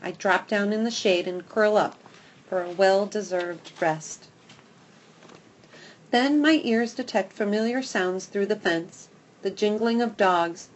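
A woman narrating a children's storybook in the first person, expressive and lively. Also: mid-range voice, slow pace. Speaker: audiobook narrator.

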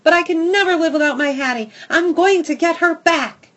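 A woman's voice: high-pitched, lively intonation, unhurried, pitched above the performer's own voice. Woman doing a fiery little male dog. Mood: defiant. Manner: barking, defiant outbursts. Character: small determined male dog, stubborn and fiery.

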